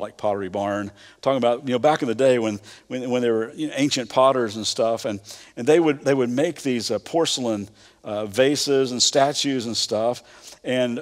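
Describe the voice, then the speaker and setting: A middle-aged man with a Kentucky accent, preaching a sermon in a folksy, conversational way with frequent stammered restarts. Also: medium pitch. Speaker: pastor. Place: church auditorium. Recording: church hall reverb.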